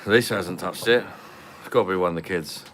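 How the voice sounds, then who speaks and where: Low-voiced man chatting over beers. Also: a little fast, a bit bright, slight background noise. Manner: swears freely, laughs often, rambling anecdotes. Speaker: host of an online pub stream. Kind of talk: casual chat over beers. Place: at home.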